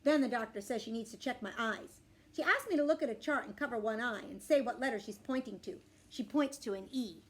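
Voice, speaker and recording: A woman reading a children's book aloud in an expressive, animated way. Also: a little high, fairly quick, breathy edge. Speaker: storybook reader.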